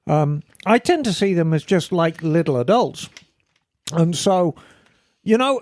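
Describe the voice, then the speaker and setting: A man's voice: fairly high pitch, lively intonation, unhurried, darkish tone, no room sound. A man co-hosting a casual podcast chat, talking in a rambling, self-deprecating way. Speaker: podcast co-host.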